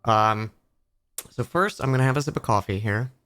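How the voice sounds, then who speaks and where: A man's voice: medium pitch, animated, moderate pace, a bit bright, smooth, faint music behind. A man hosting a live-streamed tabletop game, giddy and talking with stammered restarts. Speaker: game master and streamer host. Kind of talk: casual live-stream chat.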